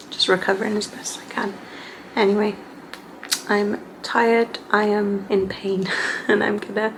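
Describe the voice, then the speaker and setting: A woman's voice: mid-range voice, creaky, a little hiss or hum, low-quality recording. A young woman and mother talking candidly to camera at home, full of fillers and feeling. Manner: candid, emotional, many fillers like "like". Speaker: vlogger, mother. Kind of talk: casual vlog chat to camera. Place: home bedroom.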